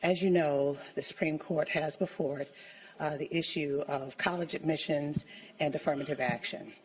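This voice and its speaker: Woman reporter asking a question, husky voice, earnest and measured. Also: deep voice, fairly even intonation, poor audio. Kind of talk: press conference question.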